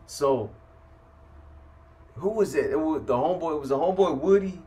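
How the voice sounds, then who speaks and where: A man's voice: a little high, normal speed, dark tone. A man from San Francisco telling a prison story in casual, profane street slang, full of "you know" and "man". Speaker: host telling prison stories.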